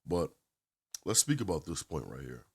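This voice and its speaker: A man with an extremely deep, low voice talks through an opinionated reaction commentary. He hammers his points by repeating phrases, in the easy tone of a channel host speaking to viewers. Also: very animated, moderate pace, slightly rough.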